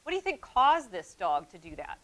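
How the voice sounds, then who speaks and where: A woman presenting a training session on childhood trauma to school staff, talking in a lively way that drops to soft, calm tones. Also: mid-range voice, brisk, rough recording. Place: event hall with an audience.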